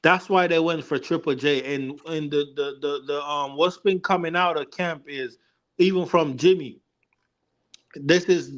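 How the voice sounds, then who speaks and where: A young man argues basketball in a casual show, his voice sitting a little high. He talks in looping, emphatic bursts, restarting and pressing on to hold the floor. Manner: emphatic, rambling, keeps repeating "listen". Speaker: co-host. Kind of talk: casual sports debate.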